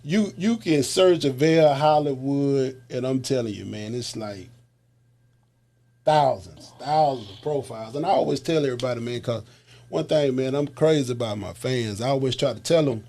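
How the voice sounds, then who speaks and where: A man, chatting as an interview guest and telling stories in a loose, animated way, dropping "man" into nearly every line. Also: medium pitch, normal speed. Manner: animated storytelling, says man a lot. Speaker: musician guest. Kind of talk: casual interview chat.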